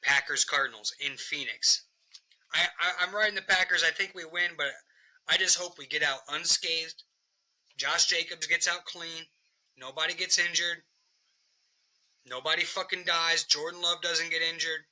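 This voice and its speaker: Male podcast host, very bright voice, loose and profane sports banter. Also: on the high side, moderate pace, rough recording. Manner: profane, animated football picks.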